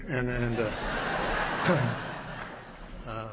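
A man's voice: mid-range voice, normal speed, noisy background. Folksy man speaking in a big hall. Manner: folksy, joking, many restarts and fillers. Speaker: recovery meeting speaker. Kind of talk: speech to a large audience. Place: large meeting hall with audience. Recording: dull hall recording with long reverb.

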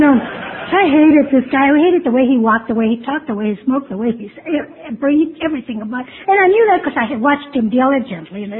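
A woman with a high voice shares her recovery story at a meeting, candid and wry, poking fun at herself. The sound is thin and phone-like, with a faint hiss underneath. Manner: candid, self-mocking storytelling with wry humor.

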